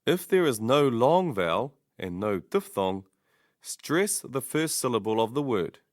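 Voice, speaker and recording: Slow, deliberate male language teacher. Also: mid-range voice, very animated, dry recording, clean studio sound. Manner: slow, deliberate, repeats each word as a model. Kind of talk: scripted pronunciation lesson.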